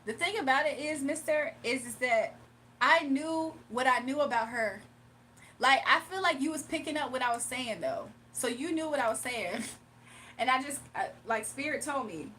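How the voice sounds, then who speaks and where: Livestream tarot host, woman, bright high pitch, animated and laughing, light background hum. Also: moderate pace. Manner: animated, laughs often, talks back to chat. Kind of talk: casual livestream chat.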